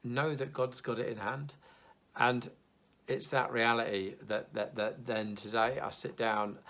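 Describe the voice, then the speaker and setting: A man's voice: mid-range voice, flat delivery, a little slow, a bit bright. A young man giving an informal video devotional in an earnest, conversational, reassuring way.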